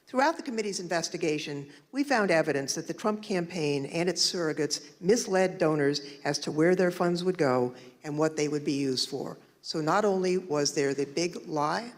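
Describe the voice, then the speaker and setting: Woman, committee member, prepared formal statement, steady, reverberant hall. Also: sits low, moderate pace.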